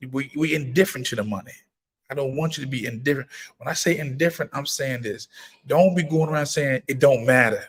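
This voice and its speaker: A man's voice: fast talker, breathy edge. A man hosting a casual livestream, talking in a preacherly, emphatic way and repeating his points. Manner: breaks into high-pitched excited exclamations when greeting viewers. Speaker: firearms trainer and livestream host. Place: gun laws in Maryland.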